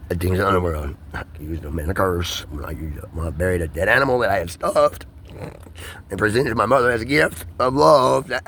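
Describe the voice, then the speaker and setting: A man in a rambling, profane solo monologue, his pitch swinging between high and low. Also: fairly quick, a bit bright, a little hiss or hum. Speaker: vlogger.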